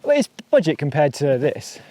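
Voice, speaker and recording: A man's voice: on the high side, very animated, normal speed, dark tone. Chatty man hiking on a windy hill. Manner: chatty, jokey, thinks aloud while walking. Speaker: hiking vlogger. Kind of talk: casual outdoor vlog chat. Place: windy hillside outdoors.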